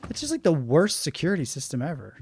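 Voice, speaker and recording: A man's voice: a little high, huge pitch swings, fast, a little mellow, slightly rough. A man from Oklahoma with an Oklahoma accent, casually commentating a video game, reading its text aloud and laughing often as he answers chat. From Oklahoma, USA. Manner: chatty, laughs often, reacts to live chat. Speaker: gaming streamer.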